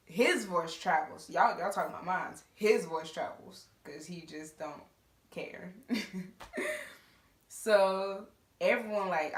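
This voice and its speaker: A young woman casually telling a school story on her vlog, animated and quick to laugh, with slangy asides. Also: on the low side. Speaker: storytime vlogger. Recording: roomy echo.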